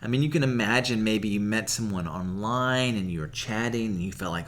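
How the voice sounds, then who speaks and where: A man hosting a comic book channel, telling a story to camera in a relaxed, conversational way, wryly amused. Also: on the low side, brisk.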